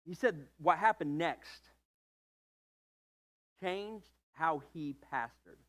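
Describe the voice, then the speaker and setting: A man preaching a sermon as pastor, telling a story in a relaxed, conversational way with joking asides about himself. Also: fairly high pitch, slow pace.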